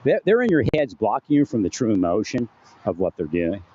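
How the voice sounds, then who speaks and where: A man's voice: on the low side, big pitch swings, a little fast, dark tone, muffled recording, a little hiss or hum. Rambling man with a swinging voice. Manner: rambling, distracted, restarts often, drifts between topics. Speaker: vlogger. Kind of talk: rambling personal monologue. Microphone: home recording setup with phantom-powered mic.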